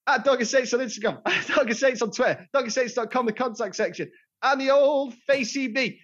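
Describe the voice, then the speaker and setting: Jokey man, high voice. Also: fairly quick, fairly bright tone, muffled recording. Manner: jokey, teasing banter. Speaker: podcast co-host. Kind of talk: casual chat.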